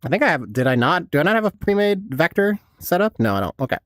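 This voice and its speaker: A man's voice: on the high side, big pitch swings, fast, a bit bright, no room sound. A man in his thirties giving casual, laid-back gameplay commentary as a streamer, swearing a lot and laughing often. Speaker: game streamer.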